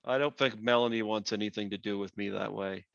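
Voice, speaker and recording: A man's voice: on the low side, steady tone, fairly quick, creaky, highs cut off. A man from Canada hosting an interview show, chatty and self-deprecating. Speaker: podcast host. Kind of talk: casual interview chat.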